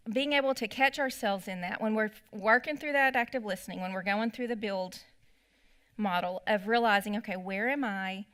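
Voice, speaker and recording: A woman's voice: a little high, fairly bright tone. A middle-aged woman, telling stories in a church parenting class and acting out her own remarks. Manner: chatty storytelling with quoted asides.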